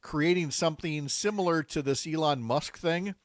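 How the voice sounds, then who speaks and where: A man's voice: a little high, moderate pace, no room sound, studio quality. A man hosting a political talk show, easygoing and wry, laughing along with his guest. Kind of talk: casual political chat.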